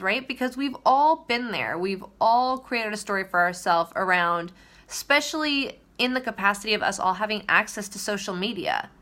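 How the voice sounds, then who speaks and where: A young woman chatting casually to her viewers on a livestream, telling a story in a loose, rambling way. Her voice is bright and clear, and her pitch sits in the middle. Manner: chatty, storytelling with many likes. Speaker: vlogger.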